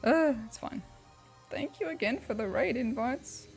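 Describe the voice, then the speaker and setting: A woman's voice: high-pitched, expressive, normal speed, creaky, faint music behind. Chatty Australian woman streaming a game. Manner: chatty and rambling, heavy on "like" and "um". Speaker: livestreamer. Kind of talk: casual chat while playing a video game.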